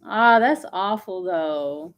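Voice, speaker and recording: A woman's voice: fairly low pitch, lively intonation, takes it slowly. Woman, livestream host, casual chat, sympathetic, loose and chatty, recorded at home. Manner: chatty, sympathetic, fillers like "y'all". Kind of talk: casual live chat reading viewer comments.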